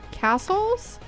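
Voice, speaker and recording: A woman's voice: sits high, fairly bright tone. A young woman streaming chess, chatting casually and laughing often at her own guesses. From Sweden. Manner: giggly and self-mocking, laughs often. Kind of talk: casual commentary over online games.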